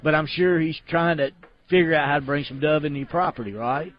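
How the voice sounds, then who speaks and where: A man's voice: fairly high pitch, a little fast. A man with a Southern accent, hosting a casual chat in a folksy, joking way. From Alabama. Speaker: show host. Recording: dull lo-fi audio.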